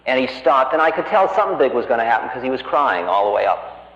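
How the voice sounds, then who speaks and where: A man's voice: medium pitch, big pitch swings, fast, a bit bright. A man giving a lecture, telling a story from his own life in a wry, conversational, self-mocking way. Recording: roomy hall, dull lo-fi archive tape.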